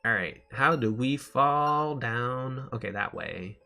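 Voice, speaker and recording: A man's voice: mid-range voice, lively intonation, slow, creaky, sharp tone, soft background music. A young man streaming a game, rambling in casual chat and laughing often.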